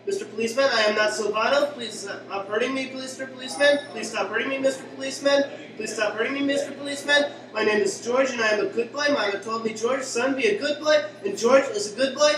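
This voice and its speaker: A man's voice: very high voice, quick pace, voice pushed up. A man voicing a simple, childlike grown man who repeats himself in an earnest singsong and pleads with the police, performed as spoken word poetry. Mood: pleading. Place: small cafe at a poetry night. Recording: echoey live room from far off, crowd.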